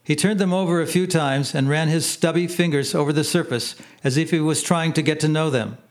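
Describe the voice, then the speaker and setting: In this memoir audiobook, the narrator reads his own life story in a slow, simple storytelling style, his voice pitched somewhat high.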